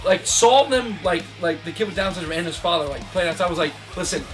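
A man with a high voice tells loud, profane road stories in a casual band interview. He laughs through his tales and talks over his bandmates. Loud music plays behind him. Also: expressive, fast talker. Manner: rowdy, profane, laughing storyteller. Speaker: band vocalist.

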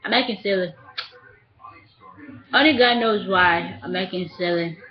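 A woman's voice: fairly low pitch, measured pace. A young woman vlogging casually to her webcam, playful and giggly, often slipping into sing-song. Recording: dull lo-fi webcam audio.

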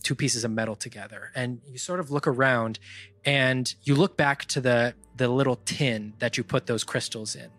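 A man narrating a tabletop game as game master, describing scenes in a measured way with fillers. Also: medium pitch, steady tone, fairly bright tone, no room sound.

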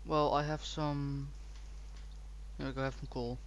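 A man's voice: mid-range voice, little pitch movement, measured pace, muffled recording, a little hiss or hum. A young British man chatting casually while gaming, sarcastic and crude. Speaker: co-host gamer.

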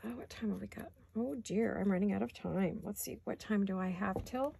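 Against a noisy background, a woman with a medium-pitched, vocal-fry voice talks fairly quickly while hosting a home crafting video. She chats away, speaks to herself as she works, and hiccups throughout.

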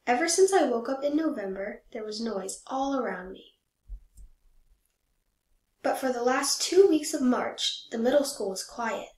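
A woman reading a children's picture book aloud in a gentle, measured storytelling voice. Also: a little high, expressive. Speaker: storybook reader. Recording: echoey room.

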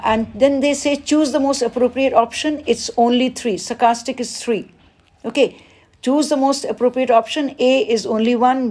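A woman, teaching as she works through an exam paper, reading each question aloud and then explaining the answer with pauses. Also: on the high side, a little mellow. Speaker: English teacher. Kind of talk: exam paper walkthrough lesson.

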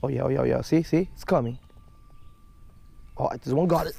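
Gravelly, upbeat man vlogging outdoors. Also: medium pitch, a little fast, pauses often, warm tone, slight background noise. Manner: playful, showy and upbeat, with frequent chuckles. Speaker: fishing vlogger. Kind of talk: energetic outdoor vlog narration. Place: outdoors at a lake.

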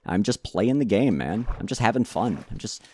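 A man's voice: on the low side, animated, normal speed, dark tone. A man casually commentating his own gameplay, rambling and talking to himself, with frequent stammered restarts and jokey self-mocking asides. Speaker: gaming channel host.

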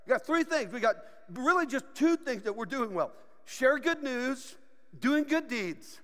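A man preaching a sermon as pastor, animated and joking, often laughing. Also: extremely high pitch, measured pace, long reverb tail. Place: church sanctuary.

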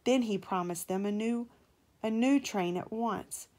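A woman, a mother, reading a children's storybook aloud to her child in a gentle, measured way. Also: fairly high pitch.

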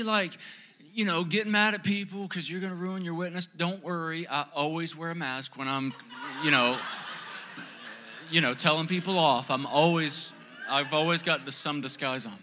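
A young man preaching as pastor, telling a funny story about himself in an animated, self-mocking way. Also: a little high. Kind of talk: sermon with storytelling.

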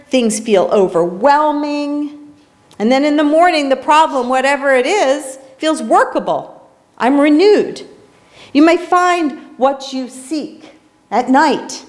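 Woman, pastor, high voice, earnest reflective sermon, storytelling. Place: small church sanctuary.

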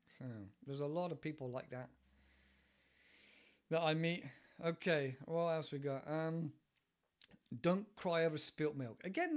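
Chatty english guy from the west country explaining idioms on his podcast, laughs a lot, kinda high voice. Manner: chatty and digressive, laughs often, acts out examples. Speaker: English teacher and podcast host.

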